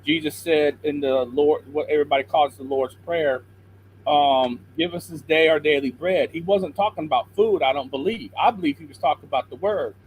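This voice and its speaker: A middle-aged man calling in to a talk show over a video call, a little hoarse, talking earnestly and preaching from scripture. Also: fairly high pitch, normal speed, a little mellow, slight background noise, poor audio. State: slightly hoarse throat. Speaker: caller. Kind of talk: call-in chat and Bible encouragement.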